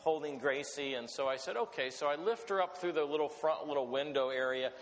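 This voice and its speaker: A middle-aged man preaching a sermon, telling a personal story in an animated way. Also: fairly high pitch, brisk. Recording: long hall reverb.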